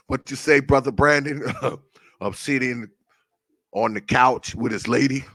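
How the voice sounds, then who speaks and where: A man's voice: mid-range voice, measured pace, a bit bright, no echo, studio quality. A man hosting a casual livestream, greeting viewers by name with a profane, laughing, loose manner. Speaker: livestream host.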